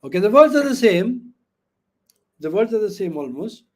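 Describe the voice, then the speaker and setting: Over a video call microphone, a male webinar trainer with a high-sitting voice talks at normal speed through an interactive online lecture. Quoted speech gets lively acted-out voices, audience questions come often, and "okay" and "you know" serve as fillers.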